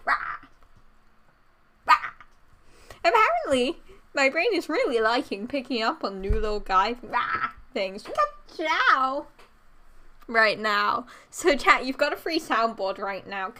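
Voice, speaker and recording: A woman's voice: a little high, big pitch swings, slow, long pauses, bright, forceful tone. A young woman streaming live, chatting casually to her chat and repeating silly noises in a goofy, playful way.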